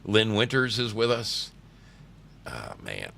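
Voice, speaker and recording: A man's voice: fairly low pitch, huge pitch swings, slow, creaky, fairly bright tone. A middle-aged man hosting a live stream, greeting chat by name and telling laid-back, swearing work stories.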